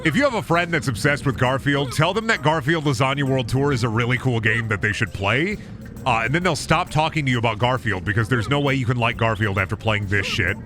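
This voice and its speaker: A man's voice: medium pitch, lively intonation, a little fast, music in the background. A young man commentating a video game, ranting and swearing in mock frustration. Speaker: streamer. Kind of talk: gameplay commentary.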